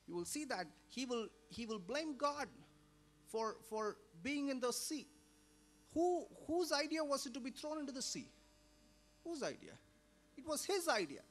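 A man preaching a sermon as a pastor, swinging between loud emphatic lines and hushed, low drops. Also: lively intonation, fairly quick. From India.

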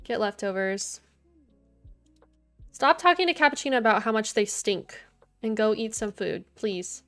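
A woman's voice: fairly high pitch, a little slow. Chatty, giggly young woman streamer. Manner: chatty, giggly, talks to chat and her game characters. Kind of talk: casual gameplay chat. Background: soft game music.

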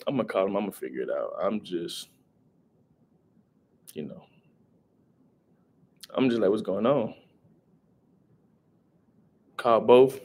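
A man's voice: lowish voice, sing-song, slow, long pauses, a little mellow, slightly rough. A young man, rambling casually on a live stream and greeting viewers in chat. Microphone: headset.

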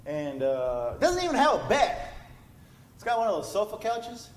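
A man's voice: high-pitched, huge pitch swings, normal speed, a little hiss or hum. A man preaching a sermon in a church, telling a story and building to impassioned emphasis. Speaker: pastor. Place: church sanctuary. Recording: echoey church room.

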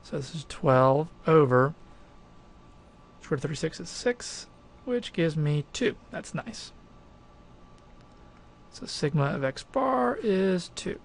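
A man's voice: a little high, big pitch swings, a little slow, creaky, a little hiss or hum. A man teaching statistics, walking through a problem step by step in a conversational, emphatic way. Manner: conversational, emphatic, thinks aloud with fillers. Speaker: math instructor. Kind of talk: recorded lecture walkthrough.

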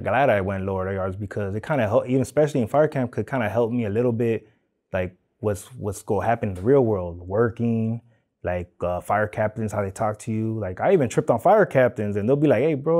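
Young la dude, kinda low and mellow, slangy, says like and man a lot. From Los Angeles. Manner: loose street slang, many "like" and "man" fillers. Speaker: tattoo artist, interviewee. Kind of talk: casual interview.

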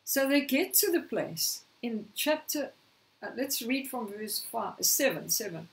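A woman preaching a sermon, slightly hoarse, telling a scripture story and acting out the quoted lines. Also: on the high side, expressive, a little slow, far from the mic, rough recording. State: slightly hoarse, clearing throat.

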